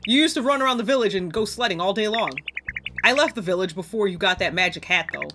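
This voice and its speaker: A woman voicing a smug, rude male paparazzo from a video game, talking down in a lowered voice. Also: quick pace, noisy background, lightly acted.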